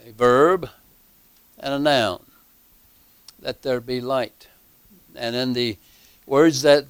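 Male Bible teacher, very slow halting delivery, smooth clear voice, dry close sound. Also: medium pitch, dry recording. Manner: slow, halting, many fillers and restarts; emphatic repetition.

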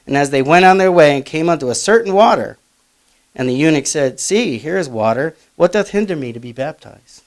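A man preaching a sermon, reading old-style Bible verses aloud with loud emphatic rises and quieter asides. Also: on the high side, lively intonation, a little fast.

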